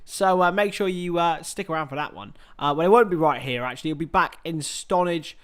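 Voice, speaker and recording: A man's voice: on the high side, brisk, fairly bright tone. A man hosting a live football watchalong stream, giving casual commentary in a chatty, jokey, self-mocking way. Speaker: livestream host.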